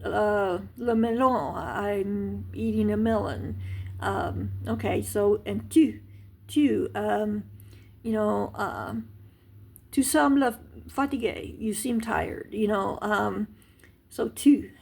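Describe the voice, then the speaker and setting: A woman giving a casual language lesson, patient and unhurried, with many ums and small restarts as she explains. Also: medium pitch, steady tone, gravelly, darkish tone. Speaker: language teacher.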